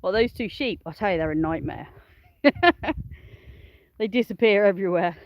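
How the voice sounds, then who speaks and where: A woman's voice: medium pitch, normal speed, no echo, muffled recording. A woman chatting cheerfully to the camera as she walks her farm, laughing often and talking to her animals and viewers. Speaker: smallholding farmer and vlogger. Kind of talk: chatty outdoor farm vlog. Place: outdoors on a farm.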